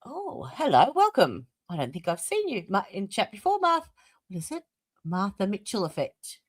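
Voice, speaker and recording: A woman's voice: mid-range voice, huge pitch swings, brisk. An Australian woman hosting a casual livestream, chatty and welcoming viewers by name, with plenty of fillers. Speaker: livestream host.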